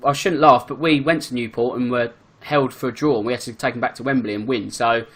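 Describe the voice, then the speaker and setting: A man chatting casually on a football podcast as a fan and season ticket holder, in a quick, chatty way full of fillers. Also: medium pitch, steady tone, fairly bright tone. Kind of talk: casual chat.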